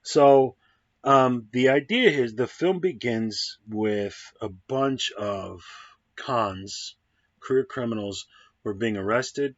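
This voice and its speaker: A man's voice: medium pitch, slow, dry recording. A man giving a casual, rambling film review, full of ums and restarts, on a dull, dry, lo-fi recording. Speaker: movie reviewer.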